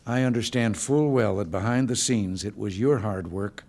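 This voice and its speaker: Older man, low-ish voice, relaxed folksy speaker with dry humor, addressing a staff gathering. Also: normal speed. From United States. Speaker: president giving remarks. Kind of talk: informal speech with joke stories. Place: hotel function room.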